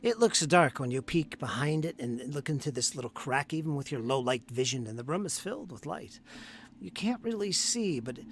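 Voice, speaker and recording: A man's voice: fairly high pitch, animated, a little hiss or hum. Man narrating as game master. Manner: slow, descriptive, questioning players.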